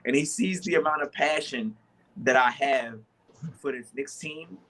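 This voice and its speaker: Bright-voiced storytelling New man. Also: mid-range voice, unhurried. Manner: storytelling with many restarts, acts out both sides of arguments. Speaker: sports talk show co-host. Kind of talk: animated storytelling in casual chat.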